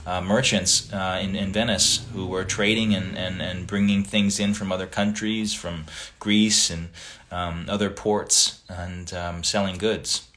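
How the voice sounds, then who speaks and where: Man, fairly low voice, casual livestream host, chatty, reads viewer comments aloud. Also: measured pace. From Italian family background. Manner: relaxed, chatty, greets viewers by reading their comments aloud.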